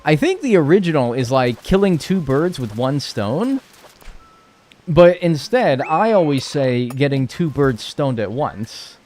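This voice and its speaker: A man's voice: a little high, sing-song, unhurried, darkish tone, faint music behind. A young man streaming a video game, chatting casually and rambling, swearing freely as he talks. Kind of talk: casual stream chat while playing.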